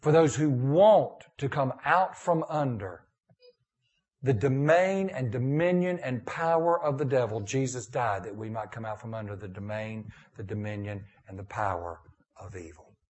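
Male preacher, sermon delivery, emphatic to hushed, middle pitch. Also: moderate pace. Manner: preaching with rising and falling intensity, dropping to a hushed prayer. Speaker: pastor.

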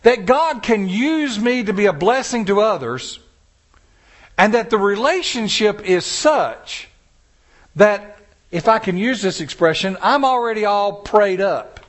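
A male preacher delivering a sermon, stressing words slowly and telling stories to the congregation. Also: sits high, lively intonation. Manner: emphatic, drawn-out stresses, storytelling.

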